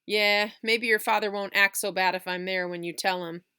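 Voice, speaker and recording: A woman voicing a calm, easygoing boy in a storybook reading. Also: mid-range voice, moderate pace, smooth, dry recording, studio quality, lightly acted.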